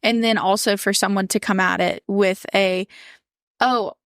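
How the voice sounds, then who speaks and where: A woman hosting a podcast interview, asking gentle, probing questions and giving short affirming replies. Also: mid-range voice, steady tone, normal speed, smooth, dry recording, clean studio sound. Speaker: podcast host.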